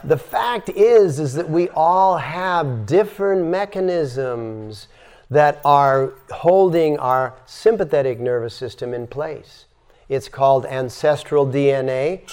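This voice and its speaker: Speaking slowly in a voice on the high side, this older man delivers a spiritual yoga lecture; his tone is a little mellow, clear and resonant. He exhales audible sighs to teach breathing and tells stories emphatically.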